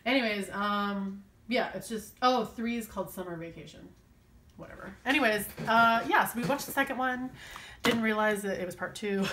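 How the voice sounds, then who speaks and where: A woman's voice: medium pitch, normal speed, fairly bright tone, slight background noise. A woman chatting casually and rambling while she works on her planner, full of fillers and self-deprecating asides. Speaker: planner vlogger.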